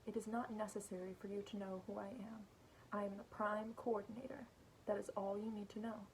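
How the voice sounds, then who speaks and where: A woman reading aloud as a cold, condescending alien leader with red eyes, measured and smooth. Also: medium pitch, fairly even intonation, slight background noise, natural voice, poor audio.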